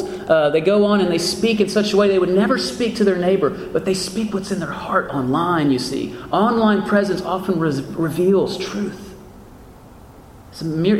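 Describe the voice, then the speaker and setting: A man's voice: high voice, slight background noise. A male pastor preaching a sermon, earnest and emphatic, asking rhetorical questions of his congregation. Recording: echoey hall with faint ambience.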